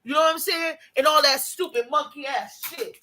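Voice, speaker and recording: Woman vlogger, high voice, heated profane rant, rambling, off-the-cuff to camera. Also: normal speed, sharp tone, a little hiss or hum. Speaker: YouTube vlogger.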